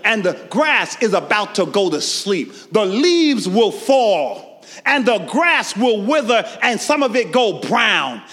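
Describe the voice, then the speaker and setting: A high-voiced preacher whose pitch leaps all over as he calls on the congregation to answer him. His delivery is slow and drawn out, shouting one line and dropping almost to a murmur the next. The sound rings with the long echo of a big hall. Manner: call-and-response preaching, swinging from shouts to near-whispers. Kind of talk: sermon. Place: church sanctuary. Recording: long reverb of a large hall.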